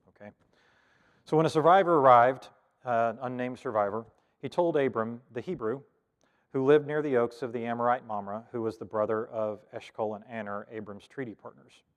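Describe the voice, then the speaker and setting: Oklahoma guy teaching a bible study at church, lowish voice, lots of um and restarts, big echoey hall. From Oklahoma, Cherokee Nation. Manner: conversational, thinks aloud with many fillers and restarts. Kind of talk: casual scripture lesson.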